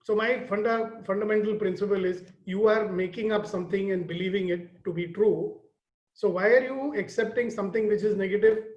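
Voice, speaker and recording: High-voiced Indian leadership trainer. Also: male voice, steady tone, fairly quick, darkish tone. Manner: earnest, questioning the audience, storytelling. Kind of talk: leadership class lecture. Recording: roomy, dull lo-fi sound.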